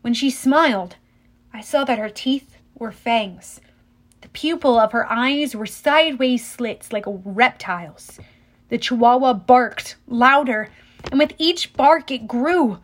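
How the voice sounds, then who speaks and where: A woman's voice: on the high side, a little slow. Woman reading a story dramatically. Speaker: audiobook reader. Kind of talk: first-person novel reading.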